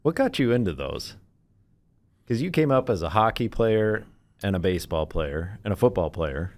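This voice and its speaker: A man's voice: on the low side, very animated, normal speed. A man hosting a podcast interview, giving brief, encouraging responses and asking questions. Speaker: podcast host. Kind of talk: casual interview.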